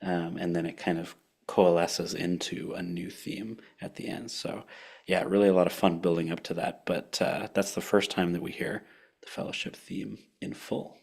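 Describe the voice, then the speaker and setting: Low-voiced man explaining his music. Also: moderate pace, vocal fry, husky. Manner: relaxed, explanatory, with many fillers. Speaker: soundscape composer. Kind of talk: casual group chat.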